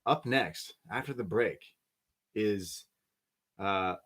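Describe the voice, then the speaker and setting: A man co-hosting a podcast, telling wrestling stories in a lively, laughing way. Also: fairly low pitch, slow pace. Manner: animated storyteller, laughs often. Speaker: podcast co-host. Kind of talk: casual wrestling recap chat.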